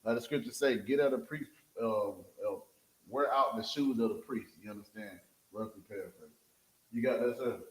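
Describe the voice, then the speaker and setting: A man's voice: fairly low pitch, normal speed. Preacher, male, leads a scripture reading in an echoey room, keeps checking his listeners follow. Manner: calls for verses, repeats "you understand?", animated. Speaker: street preacher teaching scripture. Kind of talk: scripture teaching with a reader.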